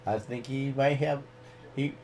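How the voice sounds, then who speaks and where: A man's voice: medium pitch, steady tone, unhurried, a little mellow, slight background noise. A man hosting a casual live stream, rambling and ranting freely with plenty of swearing.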